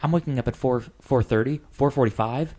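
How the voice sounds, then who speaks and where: A man's voice: mid-range voice, a little fast, mellow, slight background noise. A man hosting a podcast in casual chat, rambling, restarting his sentences and swearing loosely. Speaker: podcast host.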